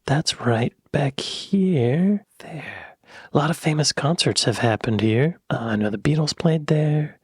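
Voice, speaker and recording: A man's voice: on the high side, expressive, unhurried, breathy edge, no echo, studio quality. Playful man reacting, whispery asides. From United States. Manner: playful, joking, drops into soft whispered asides. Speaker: reaction video host. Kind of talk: casual reaction commentary.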